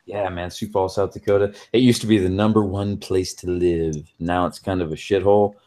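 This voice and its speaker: A man's voice: sits low, steady tone, a little fast, dark tone. A man in casual chat among friends, telling crude stories with lots of swearing. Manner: crude, drawling storyteller.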